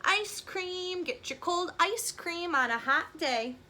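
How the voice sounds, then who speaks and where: A woman's voice: very high voice, expressive, slow, sharp tone, a little hiss or hum, pitched above the performer's own voice, exaggerated voice. A woman voicing a cheery penguin selling ice cream in a picture book, calling out like a street vendor. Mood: hawking. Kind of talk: picture-book read-aloud voice.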